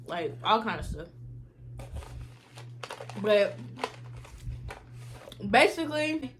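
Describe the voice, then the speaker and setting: A young woman vlogger telling a casual storytime, slangy and animated, acting out what others said. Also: a little high, a little hiss or hum. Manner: animated, slangy, acts out quotes.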